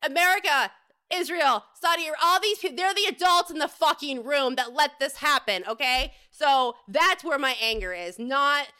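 A woman's voice: sits high, animated, normal speed, sharp tone. A woman hosting her own podcast, delivering an angry, profane, rambling solo rant. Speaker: podcast host. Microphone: home podcast setup.

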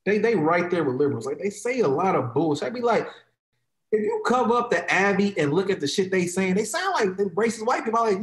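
A man's voice: sits high, lively intonation, fast, roomy sound. A man in heated, profane podcast talk, mocking others in quoted voices.

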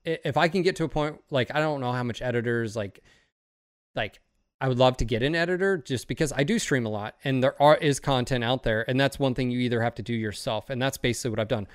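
A man's voice: mid-range voice, fast, clean tone, no echo, clean studio sound. A man talking in a casual podcast chat, rambling and profane, often getting fired up. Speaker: streamer and podcast host.

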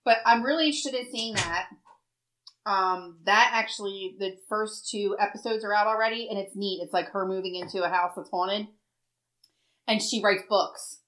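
A woman's voice: mid-range voice, fairly even intonation, normal speed, a bit bright, low-quality recording. A woman co-hosting a casual chat show. She talks bluntly and swears freely. She rambles from one thought to the next. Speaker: podcast co-host.

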